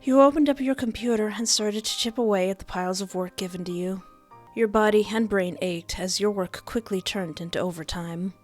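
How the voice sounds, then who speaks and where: A woman's voice: mid-range voice, fairly quick, faint music behind. Playful woman reading a story game aloud. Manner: playful, laughing asides. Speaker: game streamer. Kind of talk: playing and reading a visual novel aloud.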